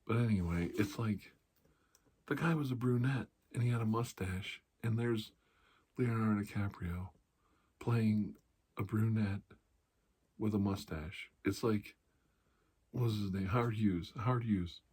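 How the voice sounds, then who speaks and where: A man's voice: on the low side, measured pace, long pauses, a little mellow, husky. A middle-aged man hosting an ASMR channel, rambling casually in a blunt, profane, sarcastic way.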